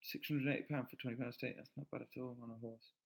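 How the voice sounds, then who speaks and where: A man's voice: medium pitch, steady tone, fast talker, creaky, low-quality recording. A man chatting casually on a live stream, reading viewer comments aloud and joking back. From England.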